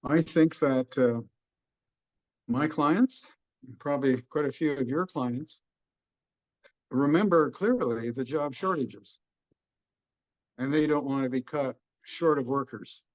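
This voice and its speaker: A middle-aged economist with a Texan accent talks through markets in a folksy, joking manner, at an ordinary pitch. The sound is dull and lo-fi, like a webinar call. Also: male voice, slow, pauses often. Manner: folksy, jokey explanations. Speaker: economist guest. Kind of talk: webinar discussion.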